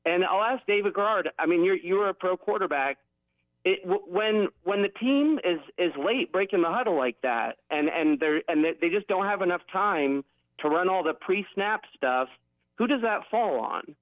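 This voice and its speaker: A man's voice: high-pitched, animated, normal speed, dry recording. A man calling in to a radio show, rambling and apologetic about complaining. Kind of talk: phone-in call. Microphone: telephone. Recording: tinny dry phone line.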